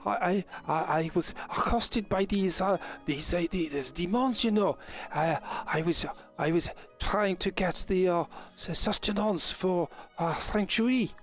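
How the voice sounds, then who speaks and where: A man's voice: high voice, lively intonation, takes it slowly, faint music behind, full character voice. A man doing a stammering elf woman. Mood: flustered. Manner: stammering, flustered, many fillers. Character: stammering archaic elf woman with odd accent.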